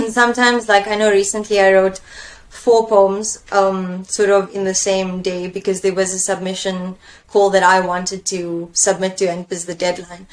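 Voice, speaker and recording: A woman talks through her writing struggles in a reflective, searching way. She thinks aloud and often pauses on fillers, and her voice sits at an ordinary middle pitch. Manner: thoughtful, searching, with fillers and self-questioning. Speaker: poet and engineer, coaching guest. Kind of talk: reflective conversation.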